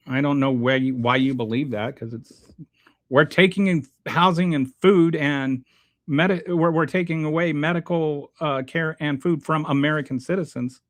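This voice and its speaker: Blunt, halting man talking back. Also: a little high, no room sound. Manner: halting, restarts often, blunt and exasperated. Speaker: show host answering viewer comments. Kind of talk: casual unscripted commentary.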